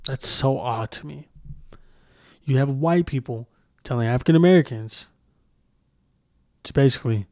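A man's voice: medium pitch, dark tone, no room sound, studio quality. A man hosting a solo podcast, ranting heatedly and with heavy profanity, often restarting sentences as he searches for words. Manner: heated, profane, repeats himself. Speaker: podcast host.

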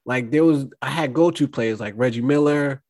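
A man hosting a podcast interview, relaxed and casual, chiming in with short replies. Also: medium pitch, normal speed, no room sound. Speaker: podcast host.

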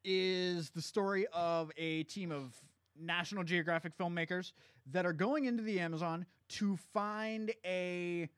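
High-voiced laid-back man recapping movies. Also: steady tone, unhurried, a bit bright, smooth, dry recording, clean studio sound. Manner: laid-back, recapping plots step by step, swears casually. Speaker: podcast co-host. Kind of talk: casual movie-review chat.

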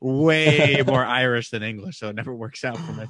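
A man from Long Island chatting on a podcast, mid-pitched with an even, talkative flow. He pokes fun at himself as he goes. His voice sits dry and close to the mic. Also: quick pace, no echo. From Long Island, New York. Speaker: podcast co-host, radio host by day. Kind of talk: casual chat.

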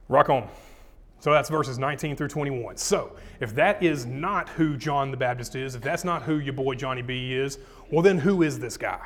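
A man's voice: medium pitch, fairly bright tone. A man, a pastor teaching a sermon, casual and chatty with his congregation, reading scripture with rising emphasis.

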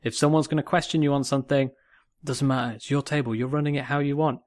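A man from North West England, co-hosting a casual podcast in a jokey, animated way and repeating phrases for emphasis. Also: medium pitch, fast talker, dry recording, studio quality. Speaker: podcast co-host.

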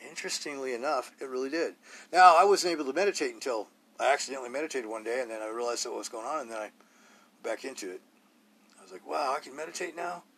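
A man's voice: medium pitch, quick pace, a bit bright, husky. A man hosting a solo podcast, talking bluntly and rawly in a rambling way, full of rhetorical questions. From Idaho, US. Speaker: podcast host.

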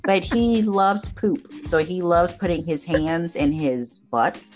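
A woman's voice: lowish voice, slow, music in the background. A woman co-hosting a casual faith podcast, chatting in an upbeat, talkative way. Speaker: podcast co-host.

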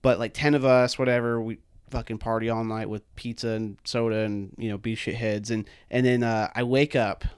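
Young guy rambling thru stories, swears a ton, says dude constantly, smooth clear voice, dry close mic. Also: mid-range voice, little pitch movement, moderate pace, no room sound. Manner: rambling, swears a lot, heavy fillers like "dude" and "man". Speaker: podcast co-host. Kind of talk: casual chat, storytelling.

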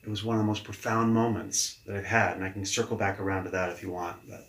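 A man with a lowish voice tells stories casually as an interview guest. He is animated, jumps into quoted dialogue, and drops casual swear words. The sound bounces around an echoey room. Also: quick pace. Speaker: leadership coach, podcast guest.

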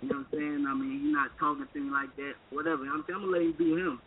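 A man's voice: a little high, racing. A man calling in to a radio show, rambling with lots of fillers and repeated phrases. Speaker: caller and musician. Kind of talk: casual phone call to a radio show. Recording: tinny phone line with hiss.

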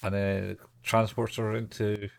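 A man's voice: lowish voice, little pitch movement, normal speed, vocal fry. A man co-hosting a podcast, chatting casually about an anime and chiming in with short agreements. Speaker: podcast co-host. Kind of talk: casual chat recapping an anime.

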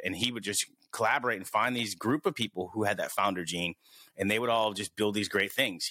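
A man's voice: fairly low pitch, pushed and bright, no room sound. A man hosting a casual podcast, thinking aloud with many restarts. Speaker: podcast host.

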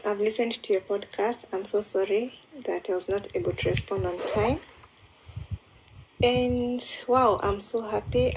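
Slow, apologetic woman in a voice message. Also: mid-range voice, noisy background. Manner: warm, apologetic, rambling with restarts. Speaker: listener replying by voice message. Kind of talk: casual voice message.

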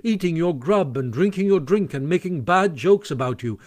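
A man's voice: on the high side, expressive, normal speed, darkish tone. Man doing a fretful, sensible water rat. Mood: gossipy. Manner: earnest, warning and fussing. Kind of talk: audiobook character voice.

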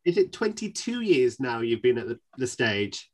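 A man's voice: mid-range voice, very animated, normal speed, darkish tone, a little hiss or hum. A man with a Northern English accent hosting a casual panel chat about theatre, chatty and laughing easily. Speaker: podcast host.

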